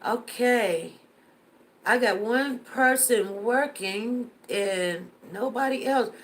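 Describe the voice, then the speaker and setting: A woman with a high-pitched voice hosts a casual live stream. She talks earnestly to her viewers and often repeats lines to drive a point home. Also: takes it slowly, slight background noise. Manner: earnest, repeats herself for emphasis.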